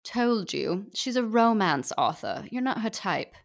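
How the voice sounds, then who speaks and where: A woman doing a bored, drawling gentleman. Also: medium pitch, very animated, gravelly. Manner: slow, drawling. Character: bored, vain gentleman rake.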